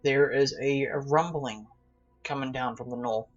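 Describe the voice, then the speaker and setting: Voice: mid-range voice, steady tone, normal speed, faint music behind. A game master narrating a tabletop game, stammering and chuckling through descriptions. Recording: slightly dull lo-fi audio.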